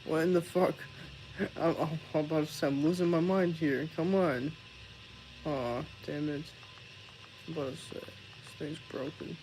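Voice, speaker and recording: A man's voice: a little high, fairly even intonation, unhurried, pauses often, a little mellow, a little hiss or hum, low-quality recording. A young man live-streaming, chatting casually, swearing and laughing as he rambles.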